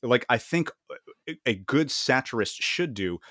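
A man's voice: mid-range voice, expressive, a little slow, bright, forceful tone, dry recording, clean studio sound. A man co-hosting a podcast in casual chat, stumbling and repeating words and laughing often. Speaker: podcast co-host.

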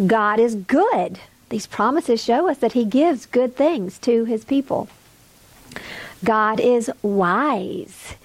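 A middle-aged woman teaching a Bible study class, with emphatic, lively stresses. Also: a little high, dry recording.

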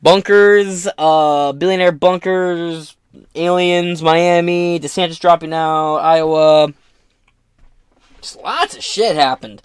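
A man's voice: on the high side, fairly even intonation, slow pace, clear, resonant tone, no echo, clean studio sound. A man hosting a podcast, riffing on news in a rambling, profane, joking way. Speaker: podcast host. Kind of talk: casual political podcast commentary.

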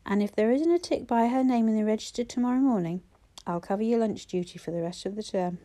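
A woman voicing an outspoken female teacher colleague with a brisk, teasing manner. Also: on the high side, dark tone, lightly acted.

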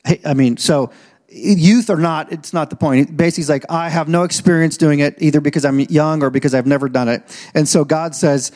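A male pastor delivers an emphatic sermon, his voice sitting a little higher than most men's. He drops low and measured, then builds loud and rising, stretching out key phrases slowly. The long reverb of a large church hall trails behind every word. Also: steady tone. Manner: slows right down to stress key phrases. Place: church auditorium.

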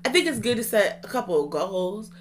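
A woman's voice: medium pitch, expressive, a little fast, faint music behind. Chatty young woman co-host. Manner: chatty, rambling with restarts and fillers. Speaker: podcast co-host. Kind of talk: casual podcast chat.

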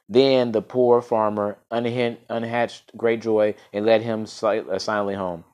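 A man's voice: on the low side, little pitch movement, measured pace, hardly any pauses, a little mellow. A man reading a folk tale aloud, stumbling and restarting now and then. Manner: unscripted-sounding reading with frequent restarts and fillers. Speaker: storyteller.

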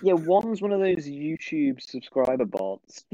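Young male podcast co-host, mock-confident and joking, bouncing all over his range. He sounds slightly high for a man. He is on a dull, dry online call mic. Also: a little slow, dry recording. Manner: lively, jokey, mock-confident. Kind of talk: casual chat among friends.

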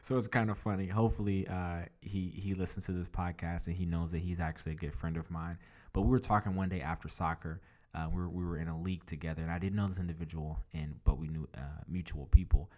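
A man with a very low voice hosts a podcast in a loose, chatty way. He tells stories with lots of fillers and restarts and acts out quoted exchanges. His delivery is animated and conversational. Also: fast. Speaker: podcast host. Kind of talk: casual storytelling advice.

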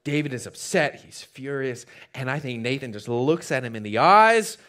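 A man preaching a sermon in a church, telling a story with dramatic swings from loud to hushed and joking asides to the congregation. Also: medium pitch, sing-song, normal speed, few pauses. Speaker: pastor.

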